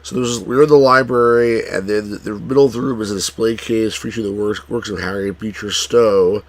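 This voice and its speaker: A man's voice: fairly low pitch, steady tone, fairly quick. A man streaming a text adventure, talking hesitantly and grumbling about the puzzles. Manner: hesitant, many fillers and restarts, frustrated at the game. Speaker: streamer playing the game. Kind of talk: casual let's play commentary.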